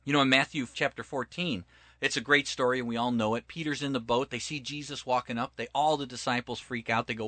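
A man's voice: medium pitch, fairly even intonation, fast talker, pushed and bright, no room sound. A man teaching from the Bible in conversation, emphatic and preacher-like, retelling scripture stories and acting out the quotes.

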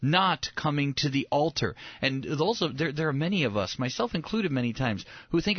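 A man, a pastor, giving conversational Bible teaching, animated and repeating words as he builds momentum. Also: a little high, moderate pace, hardly any pauses, husky, no room sound, lo-fi sound. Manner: animated, acts out quoted voices, repeats words when excited.

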